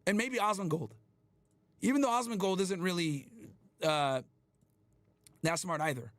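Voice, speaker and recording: A man hosting a livestream, ranting at his chat in a loud, profane, emphatic way. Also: high voice, measured pace, no echo. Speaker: livestream host. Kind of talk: casual livestream rant.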